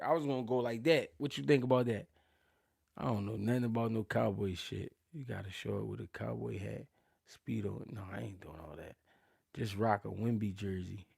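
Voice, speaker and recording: Brief: Philly-male host, gravelly low-key voice, slangy live-stream banter, dry close mic. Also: no room sound. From Philadelphia. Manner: slangy, laughing, swings from loud to mumbled. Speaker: boxing channel host. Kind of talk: casual live-stream chat.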